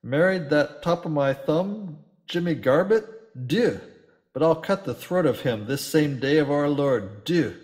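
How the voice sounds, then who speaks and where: A man's voice: medium pitch, normal speed, a little mellow, close to an everyday voice. A man voicing a brawling, volatile older pirate captain who bellows and swears French oaths. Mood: furious.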